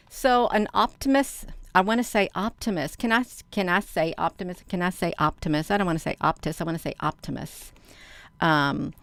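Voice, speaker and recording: A woman's voice: fairly low pitch, smooth, no room sound. A woman hosting her channel, chatting casually, reading articles aloud and addressing viewers directly with frequent "you all". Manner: talks to viewers by name in the chat. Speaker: channel host.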